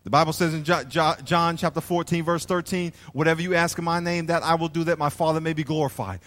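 A man preaching a lively sermon as pastor, acting out small scenes and calling on the congregation to answer him. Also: fairly high pitch, fast. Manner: animated preaching, plays out little scenes and asks the crowd to respond. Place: church hall. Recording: long hall reverb.

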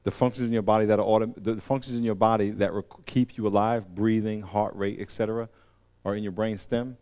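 A man preaching a sermon in a conversational way, with slang and acted-out voices, swinging between quiet asides and loud, emphatic peaks. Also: lowish voice, fairly even intonation, fairly quick.

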